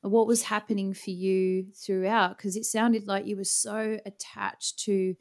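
A woman hosts a podcast interview with a mid-range voice. She asks probing, thoughtful questions at an unhurried pace. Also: medium pitch, little pitch movement. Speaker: podcast host.

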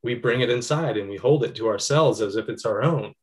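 An earnest man in a relaxed conversation, speaking at an ordinary mid pitch. He talks reflectively and strings his thoughts together in long, flowing lists. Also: a little fast. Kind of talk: casual conversation.

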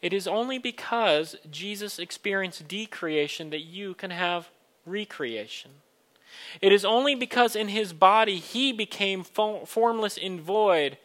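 Bright, high-voiced male preacher. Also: a little slow. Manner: earnest, building to emphatic questions. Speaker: pastor. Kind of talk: sermon.

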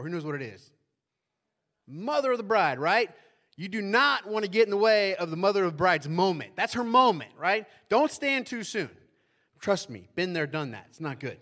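A man's voice: high-pitched, lively intonation, moderate pace, sharp tone. Chatty pastor man, preaching live. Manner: conversational, keeps asking "right?". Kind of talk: sermon.

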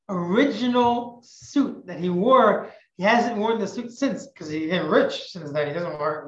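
A woman teacher telling a religious parable in an animated, emphatic way, often repeating phrases. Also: medium pitch. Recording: echoey, muffled recording.

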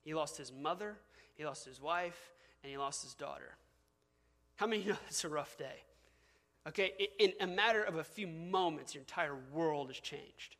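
A man's voice: a little high, normal speed, fairly bright tone. Man preaching in an echoing hall. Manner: conversational preaching with fillers and asides. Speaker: pastor. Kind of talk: sermon. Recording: long hall reverb.

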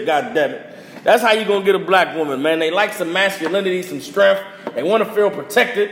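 A man's voice: high-pitched, fairly quick, a bit bright. A young man hosting a podcast, delivering a blunt, emphatic rant full of slang and repeated phrases for punch. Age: young adult. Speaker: podcast host. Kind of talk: heated casual rant. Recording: roomy reverberant room with faint noise.

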